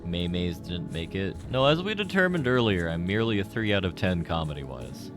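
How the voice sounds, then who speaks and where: A man's voice: sits low, big pitch swings, fairly quick, over music. A man streaming a game, rambling and joking with his chat in casual commentary. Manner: rambling, jokey, talks to chat.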